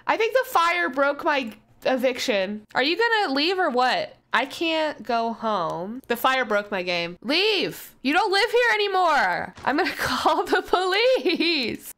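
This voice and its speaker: A young woman talks casually over her gameplay at a desk mic, joking at her own mistakes. Her voice sits high and swings widely in pitch, and she breaks into loud exclamations when the game surprises her. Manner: chatty, self-mocking, exclaims loudly at surprises. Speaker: gaming YouTuber.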